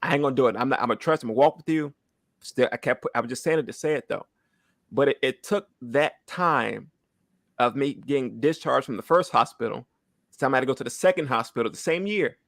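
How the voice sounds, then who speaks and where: Fairly quick and fairly bright, his mid-range voice comes through on a dry recording. He's a man in his thirties giving an earnest church testimony on the edge of tears, often repeating phrases and asking "right?"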